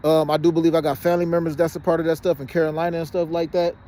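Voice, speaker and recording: Man, fast, fairly high voice, insistent, outdoors, phone-recorded. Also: flat delivery, dark tone. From Detroit, Michigan. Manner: rapid and insistent, often says "you know what I'm saying". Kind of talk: casual monologue to camera. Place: outdoors by a fenced exercise area.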